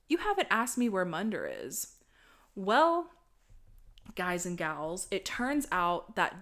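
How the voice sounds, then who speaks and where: A young woman hosting a podcast, recapping a horror movie in a casual, animated, swearing style. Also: mid-range voice. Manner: animated, profane storytelling. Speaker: podcast host.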